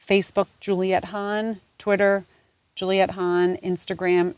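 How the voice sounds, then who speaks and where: A woman's voice: fairly low pitch, steady tone, normal speed, a little mellow, no room sound. A woman in her forties hosting her own podcast, talking candidly and earnestly, rambling with fillers and swearing freely. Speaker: podcast host.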